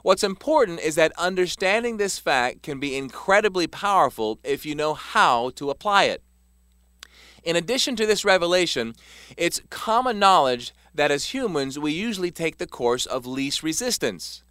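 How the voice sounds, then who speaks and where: A man reading a self-help text aloud as scripted narration, measured and emphatic. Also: fairly high pitch, big pitch swings, a bit bright, smooth, no room sound, studio quality. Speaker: author narrating his self-help book.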